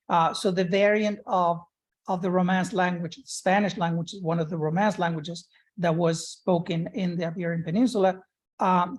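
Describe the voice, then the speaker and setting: A male professor giving an academic conference presentation, measured and explanatory, with frequent "uh" and "um" fillers and restarts. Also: sits high, darkish tone.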